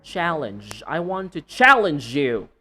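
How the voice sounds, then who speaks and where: A man teaching English pronunciation, slowly repeating words one by one and joking between them. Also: fairly high pitch, sing-song, heavy background noise. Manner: slow deliberate repetition of words, playful and laughing. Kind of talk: pronunciation lesson.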